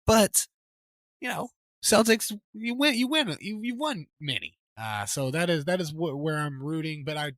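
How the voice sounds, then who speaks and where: A man's voice: a little high, lively intonation, moderate pace, fairly bright tone, dry recording. A man co-hosting a sports podcast in casual chat, talking in an emphatic, rambling way with many restarts. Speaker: podcast co-host.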